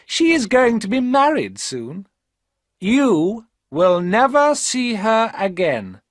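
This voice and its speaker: A man's voice: high-pitched, big pitch swings, slow pace, no room sound, clean studio sound, voice pushed up, exaggerated voice. A man voicing a proud, cruel rich old woman with a hard, mocking voice in a storybook reading. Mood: scornful.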